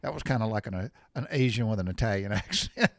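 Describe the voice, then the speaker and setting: A man's voice: lowish voice, animated, fast, vocal fry, fairly bright tone, no room sound, clean studio sound. A man in his sixties chatting casually to his viewers, folksy and rambling, wandering off on tangents. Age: 60s. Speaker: vlogger. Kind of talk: casual chat.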